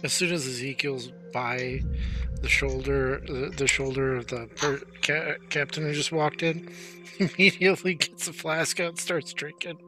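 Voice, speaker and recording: A man playing a tabletop role-playing game, playful and quick to laugh. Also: a little high, fairly even intonation, bright, forceful tone, faint music behind. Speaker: player. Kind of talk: casual tabletop play.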